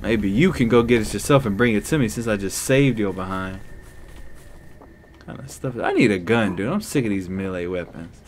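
Excitable young man yelling at a game. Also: on the low side, normal speed, slight background noise. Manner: loud, excitable, talks back to game characters. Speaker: gaming YouTuber. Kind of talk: let's play commentary.

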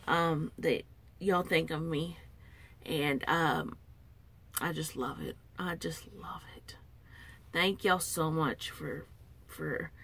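A woman chatting to camera in a casual vlog, opening packages. She is still unwell and recovering, and talks in an emotional, tearful, softly thankful way. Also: sits low, creaky. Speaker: vlogger opening viewer packages.

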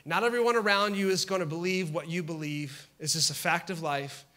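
Bright, high-voiced joking pastor. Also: male voice, fairly even intonation, a little fast. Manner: conversational, humorous, acts out scenes. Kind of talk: sermon.

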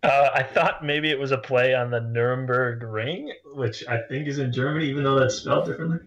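A man on a trivia team, reasoning out loud about his answers in casual chat. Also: mid-range voice, a little fast, highs cut off. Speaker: quiz contestant.

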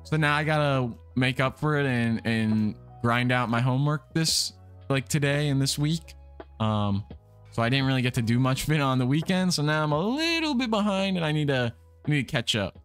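A young man chats loosely through a game livestream, his voice sitting at an ordinary middle pitch. He rambles and restarts his sentences in a relaxed way. Quiet music plays softly behind him. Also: normal speed, clear, resonant tone. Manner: relaxed, rambling, repeats words and restarts often. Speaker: livestream gamer host. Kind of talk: casual livestream chat while playing. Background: soft background music.

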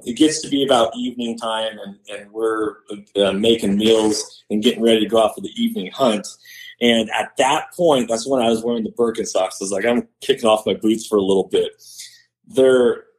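Man telling a lively hunting story. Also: medium pitch, rough recording. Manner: animated, acts out quoted voices. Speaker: podcast guest, hunter. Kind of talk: casual storytelling.

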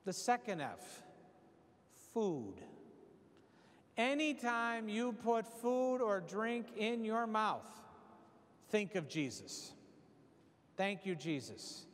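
A man's voice: high-pitched, big pitch swings, takes it slowly, long pauses. A man in his sixties, a priest giving a folksy, joking homily. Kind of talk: humorous homily. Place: church hall. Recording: long hall reverb.

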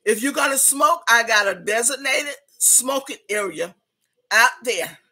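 A woman doing a bossy big party hostess, slow and hollering, bright voice, a bit out of breath. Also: a little high, animated, breathy edge, heavily acted. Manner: hollering, drawn-out, Southern-style slang. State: a little out of breath. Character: loud brassy big woman hosting a party club. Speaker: host. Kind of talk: comedic character monologue.

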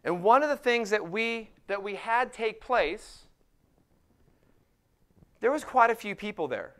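Smooth-voiced man preaching a sermon. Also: high-pitched, animated, a bit bright. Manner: preaching with emphatic, slowed scripture quotes. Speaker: pastor.

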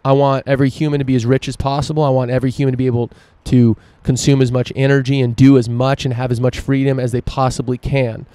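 Dark, flat-voiced ranting male podcaster. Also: mid-range voice, fast, hardly any pauses, clear, resonant tone, dry recording. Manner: profane, emphatic ranting. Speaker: podcast host. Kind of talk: solo opinion podcast monologue.

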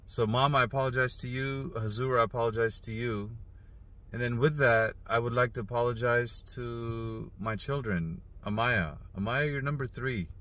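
A middle-aged father speaking earnestly in a heartfelt personal video message, halting and emotional at times. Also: medium pitch, steady tone, fairly bright tone. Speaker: father posting an apology video.

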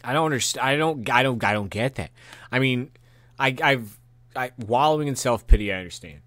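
A man's voice: medium pitch, animated, brisk, a bit bright. A man hosting a podcast, delivering a rambling, profane rant with angry bursts and frequent restarts. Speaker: podcast host.

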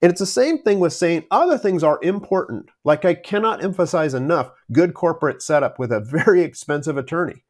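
A man's voice: on the high side, expressive, fairly quick, hardly any pauses. A man who is an entrepreneur guest on an interview podcast, telling stories casually and chuckling often.

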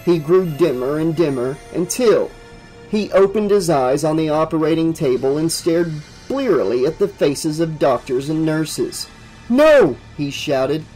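A man reading a horror novel aloud as an audiobook, in a steady, vivid storytelling manner. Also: fairly high pitch, measured pace, soft background music, rough recording. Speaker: audiobook narrator.

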